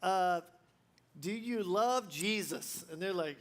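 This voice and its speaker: A man's voice: sits high, slow pace. A male pastor preaching a sermon in a casual, joking way, full of fillers and restarts.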